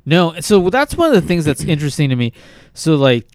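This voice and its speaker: Smooth-voiced young man, casual podcast banter. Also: a little high, very animated, a little fast, darkish tone, dry recording. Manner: laid-back, swears a lot, says "like" and "dude" constantly. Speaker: podcast co-host.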